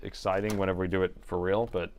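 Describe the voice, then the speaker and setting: A man's voice: low-pitched, level tone, fast, darkish tone, slight background noise. A middle-aged man hosting a live laptop repair stream, joking with chat while he talks through soldering and testing. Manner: joking with chat, narrating his repair steps. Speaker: laptop repair livestream host.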